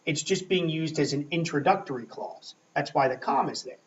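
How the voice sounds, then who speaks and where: A man teaching a grammar lesson at a board, talking slowly and checking in often with "okay?". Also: a little high. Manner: slow, checking in with frequent "okay?". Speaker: English teacher. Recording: echoey room, mic far off, dull lo-fi sound.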